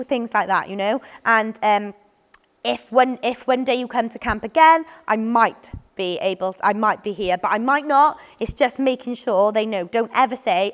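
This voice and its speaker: Brief: woman, fairly high voice, rambling trainer tone, long hall echo. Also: moderate pace. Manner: chatty, many ums and restarts, acts out what children and adults say. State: voice a bit off today. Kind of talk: informal training talk.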